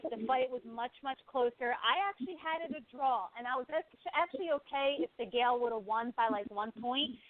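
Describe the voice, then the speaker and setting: A woman's voice: fairly high pitch, dry recording. A woman co-hosting a boxing show, giving blunt and opinionated fight takes in casual chat. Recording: tinny phone-like sound.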